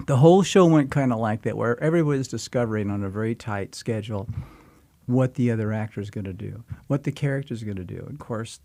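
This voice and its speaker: A man's voice: lowish voice, fairly quick, gravelly, warm tone, dry recording. An older man, a guest actor, telling a rambling, folksy story in casual conversation.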